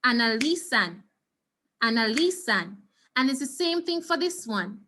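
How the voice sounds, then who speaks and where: A Jamaican woman leads an online Spanish lesson through her computer mic, patiently sounding words out again and again for her students. Her voice sits a little high and comes across bright and crisp. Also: lively intonation, moderate pace, slight background noise. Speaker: Spanish teacher. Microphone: computer mic on a video call.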